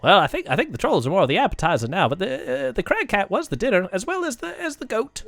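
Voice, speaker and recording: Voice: mid-range voice, very animated, fast talker, creaky, a bit bright, dry recording, voice pushed up. A game master voicing a small, nervous kobold servant who stammers and is eager to please.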